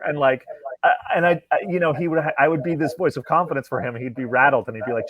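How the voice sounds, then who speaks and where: A man, a comic writer, telling stories in an interview and acting out quoted conversations in a lively way. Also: medium pitch, fast talker, highs cut off. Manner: animated, acts out quoted dialogue.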